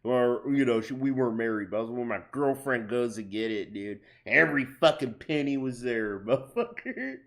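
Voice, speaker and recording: A man's voice: medium pitch, animated, normal speed, gravelly, hardly any pauses. A young man doing casual reaction commentary on a stream, crude and profane as he rambles through stories.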